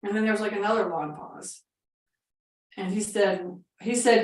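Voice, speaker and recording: A woman's voice: medium pitch, fairly even intonation, normal speed, reverberant, distant mic, low-quality recording. A woman coaching on real estate investing, telling a story in a chatty, casual way full of fillers and quoted dialogue.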